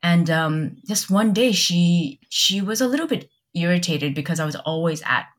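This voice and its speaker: Young woman, low-pitched, podcast guest; candid and halting storytelling with lots of quoted dialogue. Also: lively intonation. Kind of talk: personal storytelling in casual chat.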